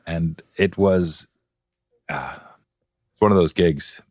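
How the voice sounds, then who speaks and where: A man as a guest in a podcast interview, telling stories in a relaxed, chuckling way. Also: deep voice, takes it slowly, dry recording, studio quality. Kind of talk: casual chat. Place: podcast studio.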